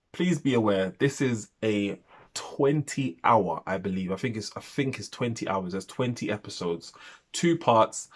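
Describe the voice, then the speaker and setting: Husky low-voiced man reviewing. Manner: chatty, rambling, emphatic repetition. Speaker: film reviewer. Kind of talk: casual video review.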